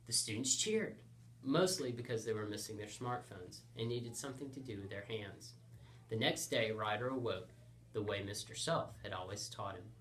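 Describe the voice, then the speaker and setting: A man hosting and narrating a comic story with a playful, deadpan delivery. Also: lowish voice, moderate pace. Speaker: storyteller host.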